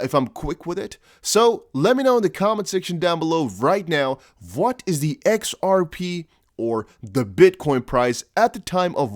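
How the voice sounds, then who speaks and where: A man's voice: a little high, dry recording, studio quality. A man with an American-ish accent hosting a casual crypto vlog, chatty and rambling, with jokey asides. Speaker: crypto YouTuber.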